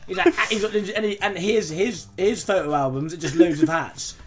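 A man in casual comedic chat, rambling and slipping into mock voices between fast asides. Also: high-pitched, soft background music. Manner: rambling, riffs into mock voices with swearing and laughter.

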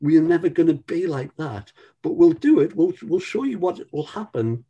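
An older man in his sixties with a mellow, warm voice tells stories from his career in a loose, chatty way. He keeps restarting sentences and circling back, and drops a casual swear word now and then. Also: fairly high pitch, very animated, moderate pace, slightly rough, lo-fi sound. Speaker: musician being interviewed. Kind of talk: casual anecdotal chat.

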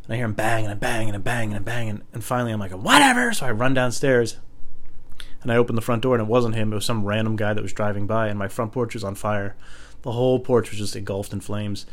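A man's voice: on the low side, flat delivery, quick pace. Rambling laid-back man telling stories. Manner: acts out quoted voices loudly. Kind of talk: casual storytelling.

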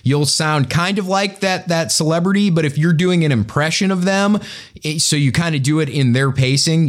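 Blunt, sarcastic male commentary host. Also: medium pitch. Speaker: show host. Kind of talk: casual opinion commentary.

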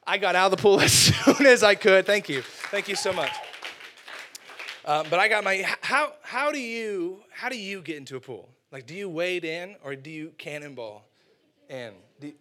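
A man preaching a lively, casual sermon, acting out characters and using slang. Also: high voice, brisk, a little hiss or hum.

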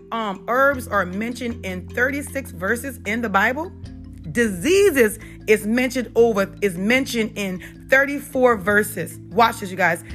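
Southern woman, middle-aged, chatty health talk, somewhat high voice, faint music behind. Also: fairly bright tone. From South Carolina. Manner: chatty, repeats "you guys" and "y'all", many fillers. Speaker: holistic health talk host. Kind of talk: unedited casual health and faith talk.

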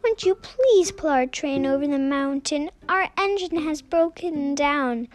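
A woman's voice: high voice, animated, a little slow. A woman doing begging little dolls and toys. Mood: pleading. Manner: begging, pleading. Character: pleading chorus of small dolls and toys.

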